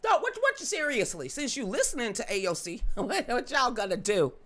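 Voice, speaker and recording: A woman's voice: a little high, sing-song, normal speed, fairly bright tone. A middle-aged woman hosts a live-streamed commentary show. Her voice swings widely up and down as she gloats and mocks, and she slips into sing-song chants along the way. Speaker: host.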